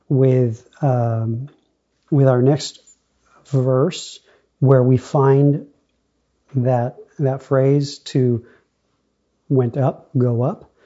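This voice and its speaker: A male preacher delivers a sermon in an unhurried, pausing way, his voice very dark and a little husky. The recording is slightly dull and lo-fi. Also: mid-range voice. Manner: unhurried, pausing often, addresses congregation as brothers and sisters. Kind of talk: sermon with scripture reading.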